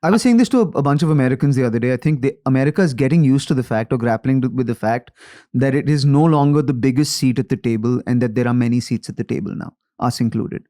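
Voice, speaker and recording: A man with an Indian accent, a comedian guest talking in an animated, reflective way on a casual podcast, slipping in Hindi phrases. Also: medium pitch, fast talker.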